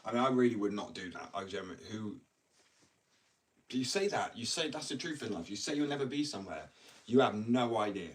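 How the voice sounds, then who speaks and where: A man's voice: fairly low pitch, expressive, fairly quick, distant mic, low-quality recording. A man in casual, rambling live chat, joking and slangy as he talks about addiction. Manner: chatty, joking, slangy, self-interrupting. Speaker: livestreamer talking about addiction.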